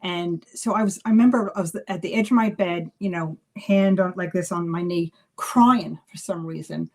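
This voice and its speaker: A psychic medium chatting on a live video, telling animated stories with lots of restarts and fillers. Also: female voice, on the low side, normal speed. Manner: animated storyteller acting out dialogue. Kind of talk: casual live video chat.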